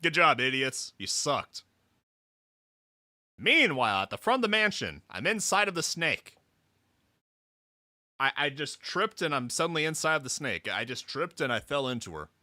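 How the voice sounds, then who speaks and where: Man streamer, high, sharp voice, brash and exasperated. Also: sing-song, moderate pace, pauses often, no room sound, clean studio sound. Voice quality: profane, mock-exasperated, yelling at characters. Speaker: VTuber streamer. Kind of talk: casual game reaction stream.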